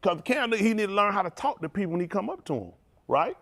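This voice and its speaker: Animated preacher man with a high, swooping voice. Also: quick pace. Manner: animated, confrontational preaching with congregation call-outs. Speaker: pastor. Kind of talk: sermon.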